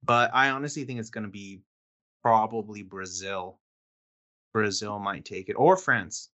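Male co-host, bright forceful tone, laid-back chatty delivery. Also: on the low side, unhurried. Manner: laid-back, chatty, says dude and um often. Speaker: podcast co-host. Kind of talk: casual chat.

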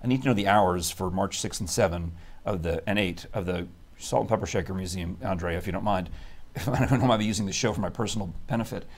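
A man hosting a live studio talk show in a chatty, animated, teasing way. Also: low-pitched, quick pace. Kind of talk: casual live-stream chat.

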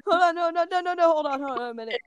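A woman's voice: very high-pitched, racing, dull audio, a little hiss or hum. A woman co-hosting a casual podcast chat, laughing a lot and protesting against her friend's teasing. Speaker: podcast co-host.

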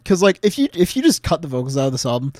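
A young man chats casually on a music podcast, rambling with enthusiasm and laughing often. His voice sits at an ordinary pitch. The sound is dry and close, with no room audible. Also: very animated, very fast, a little mellow, no echo. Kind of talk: casual chat.

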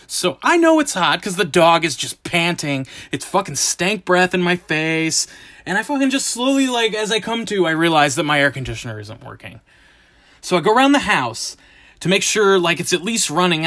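High-voiced man on a profane rant. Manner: profane, exasperated, animated storytelling. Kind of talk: comedic ranting monologue.

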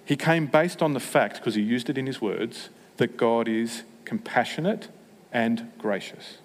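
A man preaching a sermon at a mid-range pitch, mixing humor and self-mockery into his message. His voice carries a long reverb from a big hall. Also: a little slow. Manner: humorous, self-mocking, with animated asides.

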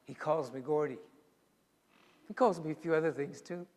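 A man preaching with a fairly high voice, telling stories and dropping to a near-whisper for weight. His words ring out with a long reverb, as in a large church hall. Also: normal speed. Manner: storytelling, dramatic shifts to a hushed voice for emphasis. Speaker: pastor. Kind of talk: sermon.

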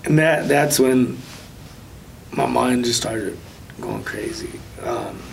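Man, interview guest, casual soft-spoken testimony, mid-pitched voice, mic a bit far off, faint rumble behind. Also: animated, takes it slowly, creaky. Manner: casual, soft-spoken storytelling with light nervous laughs. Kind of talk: personal faith testimony.

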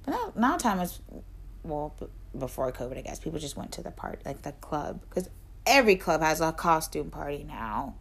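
A woman's voice: normal speed, vocal fry. A woman co-hosting a casual chat podcast, telling stories animatedly and acting out quotes, sometimes dropping to a near whisper for asides. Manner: animated storytelling, acts out quotes with big pitch jumps and laughter. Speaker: podcast co-host.

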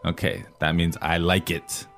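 A man's voice: deep voice, level tone, measured pace, fairly bright tone, soft background music. A man co-hosting a podcast language lesson, prompting with questions and recapping each point in plain English. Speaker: co-host.

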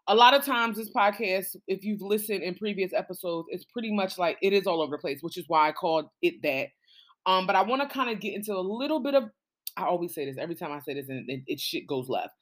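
A woman's voice: mid-range voice, fairly bright tone. A woman in her thirties hosting a casual solo podcast, chatty and rambling, swearing freely and calling her listeners y'all. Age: 30s. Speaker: podcast host.

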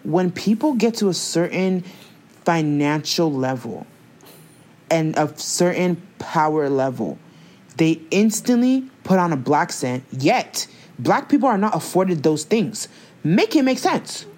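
A woman's voice: fairly low pitch, very animated, a little slow, darkish tone. A young woman co-hosting a casual chat, emphatic and ranting with lots of slang and swearing.

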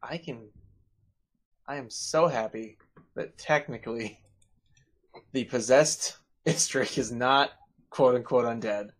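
Slow, playful game master man. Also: mid-range voice. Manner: playful, laughs at his own twists. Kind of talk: narrating a tabletop game.

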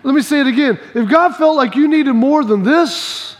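Every line from this preacher rings out with long hall reverb. He is a man whose voice sits very high, and at a normal speed he tells animated personal stories, acting out scenes and driving key phrases home through repetition.

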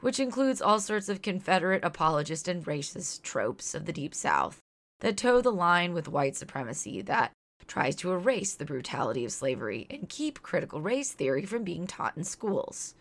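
A woman's voice: lowish voice, very animated, moderate pace, fairly bright tone. A woman in her thirties from Louisiana, reading a scripted podcast segment in an earnest, outspoken and reflective way. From Louisiana, near New Orleans. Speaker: podcast host.

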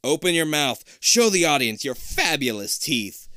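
A man's voice: a little high, big pitch swings, normal speed, sharp tone, no room sound, clean studio sound. A man voicing an unseen, bossy game-show announcer who calls out contestants and gives orders. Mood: commanding. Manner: commanding, showman-like.

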